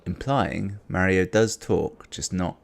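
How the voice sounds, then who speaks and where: Deep gravelly man commenting on a game. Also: lively intonation, takes it slowly. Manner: rambling, wry asides. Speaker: let's play host.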